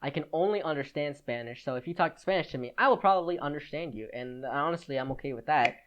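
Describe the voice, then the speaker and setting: A fast-talking teen boy with a fairly high pitch hosts his solo podcast over dull audio with slight background noise. His casual chat wanders, stuffed with "like"s, fillers, and restarts.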